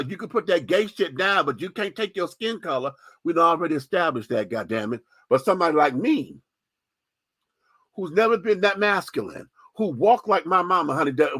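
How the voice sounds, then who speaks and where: A man's voice: on the high side, bright, forceful tone, breathy edge, dry recording. A man hosting a radio show, speaking in impassioned, profane, sassy commentary.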